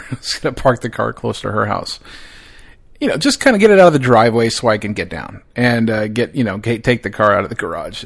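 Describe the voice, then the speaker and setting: Swearing, animated man telling a story. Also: fairly low pitch, creaky. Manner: profane, animated, laughing at his own story. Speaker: podcast host. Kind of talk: casual storytelling monologue.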